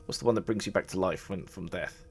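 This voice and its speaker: Low-voiced dungeon master. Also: male voice, fast talker, gravelly, darkish tone, husky, soft background music. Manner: rambling, many fillers and restarts. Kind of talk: casual game narration.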